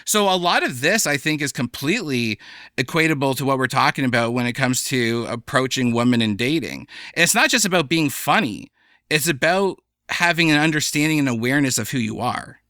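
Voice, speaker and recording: A young adult man, a comedian guest on a podcast, talking in an animated, chatty way. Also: medium pitch, brisk, dry recording, clean studio sound. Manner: animated, chatty, slips into playful voices for examples. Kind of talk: casual podcast conversation.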